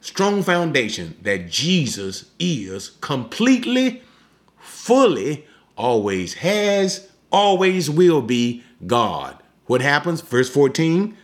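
Man, preacher, teaching sermon, slow and deliberate, animated pitch, emphatic. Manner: emphatic, slows down to explain.

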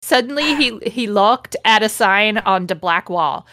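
Reading a text for comic effect, this podcast host breaks off to ridicule it, sarcastic and swearing freely. She has a mid-range, animated, sharp-toned voice, a little slow, recorded dry with studio quality.

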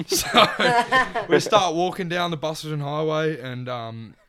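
A man's voice: fairly high pitch, slow, crowd noise. A young man telling a wild story among friends, swearing constantly and laughing as he goes. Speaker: podcast guest. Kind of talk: casual storytelling.

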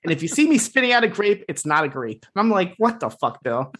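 A man's voice: high-pitched, big pitch swings, fast talker, fairly bright tone. A man co-hosting a podcast, casually recapping a TV episode in a rambling, filler-heavy way and swearing freely. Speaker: podcast co-host.

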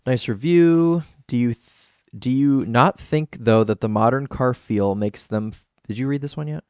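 A man's voice: mid-range voice, normal speed, clear, resonant tone, no echo, studio quality. A man co-hosting a podcast, chatting casually about cars and reading listener comments aloud. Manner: relaxed, agreeable, reads listener comments aloud. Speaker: podcast co-host.

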